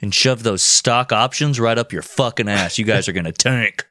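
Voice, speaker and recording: A man co-hosting a comedy podcast, riffing with profane, deadpan jokes. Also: on the low side, moderate pace, no room sound, clean studio sound. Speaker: podcast co-host. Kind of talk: casual comedic banter.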